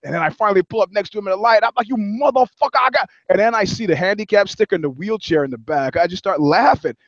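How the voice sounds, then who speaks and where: A male podcast co-host in casual banter, telling lively stories and acting out the people in them. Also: sits high, very fast, no room sound. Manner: animated storyteller, acts out quotes. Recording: dry, slightly dull sound.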